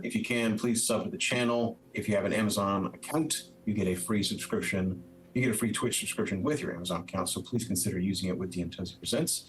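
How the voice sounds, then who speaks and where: A man's voice: lowish voice, slight background noise, low-quality recording. A man running a streamed tabletop game as its game master, talking upbeat and chatty with plenty of filler words.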